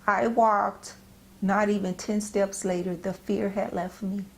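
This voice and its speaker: Earnest, halting middle-aged woman. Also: medium pitch, flat delivery, vocal fry. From United States. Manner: halting, repeats and restarts phrases; earnest, gentle encouragement. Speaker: Christian speaker. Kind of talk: personal devotional talk.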